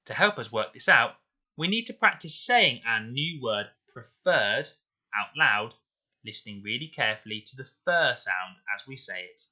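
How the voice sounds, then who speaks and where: A man teaching a recorded spelling lesson to children, explaining slowly and clearly and repeating words with care. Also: medium pitch, very animated, sharp tone, lo-fi sound. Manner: slow, clear, deliberate explanations. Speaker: primary school teacher. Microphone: voice-over to slides.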